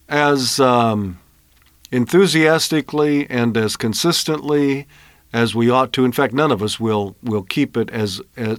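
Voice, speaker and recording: A man's voice: medium pitch, no room sound, clean studio sound. A man giving an earnest, emphatic Bible sermon on the radio, often asking rhetorical questions. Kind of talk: broadcast sermon.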